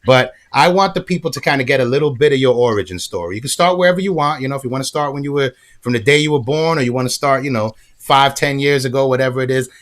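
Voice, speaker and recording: A man's voice: medium pitch, fast talker, few pauses. Hype-talking male podcast host. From Florida. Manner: animated, hypes the guest, repeats words. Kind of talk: casual podcast chat.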